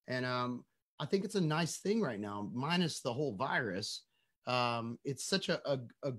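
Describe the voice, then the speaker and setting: A man in his forties, a musician guest chatting casually over a video call from his home studio, animated and joking as he tells stories. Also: medium pitch. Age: 40s. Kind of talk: casual interview chat.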